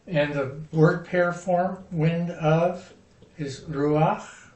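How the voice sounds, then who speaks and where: A man teaches a Hebrew vocabulary lesson at an unhurried pace, pausing over each word and its stress. His voice sits a little high. The sound is roomy and picked up from some distance away. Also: fairly even intonation, a little mellow. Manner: slow, patient, spells out words and stresses.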